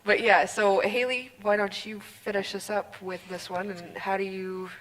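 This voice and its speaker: A woman from a church worship team leading a casual discussion, speaking in a relaxed way as she searches for her words. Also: mid-range voice, normal speed, low-quality recording. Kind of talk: casual chat.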